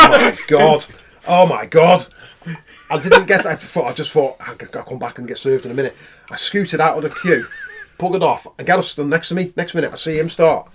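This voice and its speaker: A man with a fairly high voice chats easily on a podcast. His talk stays low-key until a story gets going, then it turns loud and full of laughter. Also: noisy background. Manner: relaxed chat that turns loud and laughing in anecdotes. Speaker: podcast co-host. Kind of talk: casual chat.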